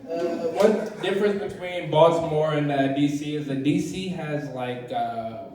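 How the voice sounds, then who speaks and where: A young man from D.C. works through a stand-up set at an open mic, rambling and profane. His mellow voice carries from across a boomy room with heavy echo. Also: a little slow, distant mic. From Southeast Washington, D.C. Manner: rambling, profane, many fillers and restarts. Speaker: first-time stand-up comedian. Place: comedy club stage, open mic. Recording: very echoey room, voice from afar.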